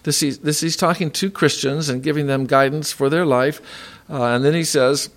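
A man giving a sermon as a pastor, reading scripture aloud and explaining it with many pauses and fillers, in what he calls his monotone voice. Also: fairly high pitch. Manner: self-described monotone delivery. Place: room with a heater.

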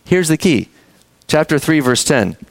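A man preaching a sermon, telling the story with animated energy, acting out characters and speaking to the kids in the room. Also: fairly high pitch, unhurried, vocal fry, dry recording. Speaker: pastor.

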